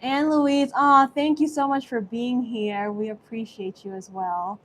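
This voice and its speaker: A woman's voice: fairly high pitch, steady tone, measured pace, a bit bright. A young woman with an American accent hosting a live cooking stream from her kitchen, chatty and effusive as she thanks viewers by name. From Singapore. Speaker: host.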